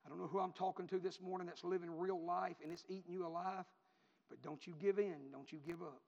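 A man preaching a sermon, repeating phrases in a rhythmic build that rises to shouts. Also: sits high, fairly even intonation, fast, vocal fry. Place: church. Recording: reverberant hall, dull lo-fi.

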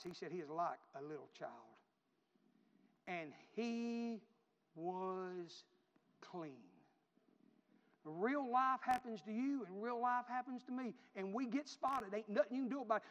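A man preaching a sermon, repeating phrases in a rhythmic build that rises to shouts. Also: high-pitched. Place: church. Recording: reverberant hall, dull lo-fi.

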